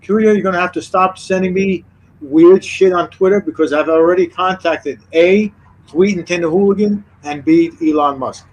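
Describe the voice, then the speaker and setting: Man, stream guest, jokey mock threats, husky voice. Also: sits high, normal speed, muffled recording. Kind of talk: casual chat.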